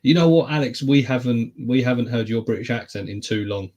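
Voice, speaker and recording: A man's voice: medium pitch, steady tone, brisk, a little mellow. A man co-hosting a casual podcast chat, teasing, laughing often and swearing casually. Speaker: podcast co-host.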